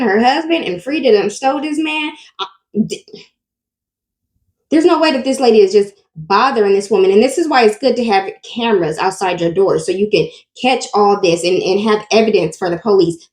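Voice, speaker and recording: A woman hosting a casual reaction commentary, animated and asking her viewers questions directly. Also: a little high, echoey room. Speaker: commentary channel host.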